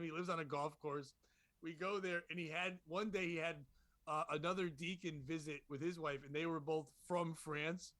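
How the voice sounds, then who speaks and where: Bright, laughing male storyteller. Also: on the high side, no echo. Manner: rambling storyteller, frequent laughter. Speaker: podcast host. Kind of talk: casual comedic chat.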